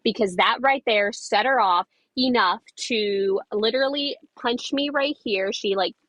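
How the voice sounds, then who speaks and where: A woman's voice: fairly high pitch, unhurried, a bit bright, no echo. A young woman recounting a street confrontation in a casual storytime video, emphatic and repetitive, with plenty of fillers.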